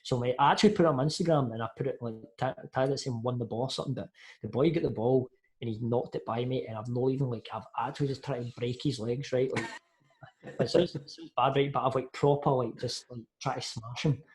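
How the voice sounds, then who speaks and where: A young Scottish man, a podcast guest, telling football stories in a lively casual way and acting out what people said. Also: medium pitch, fast talker, a little hiss or hum. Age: young adult. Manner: lively anecdotes, says mate a lot, acts out quotes. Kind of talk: casual storytelling chat.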